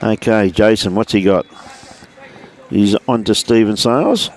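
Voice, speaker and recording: A man calls a lawn bowls match live from outdoors at the club. His voice sits a little low, and he chats easily, greeting viewers by name between shots. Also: steady tone, measured pace, a little mellow. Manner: chatty, greets viewers by name, says "mate" often. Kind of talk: live sports commentary.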